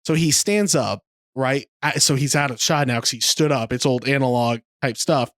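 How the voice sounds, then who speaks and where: A man's voice: medium pitch, moderate pace, fairly bright tone, no echo, clean studio sound. A young man co-hosting a podcast, casually retelling a film scene with lots of fillers. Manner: rambling storyteller, lots of fillers. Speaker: podcast co-host.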